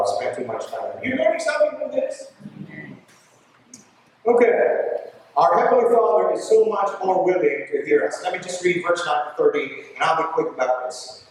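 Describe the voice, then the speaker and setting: Emphatic preacher in an echoey church. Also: male voice, on the high side, recorded from a distance, slight background noise. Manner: emphatic, repeats lines, checks in with the congregation. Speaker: bishop preaching a homily. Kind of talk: sermon.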